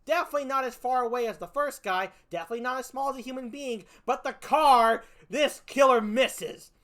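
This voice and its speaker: A woman's voice: sits high, brisk, a bit bright. A woman comedian doing a stand-up routine, profane, exasperated and mocking as she picks apart a film.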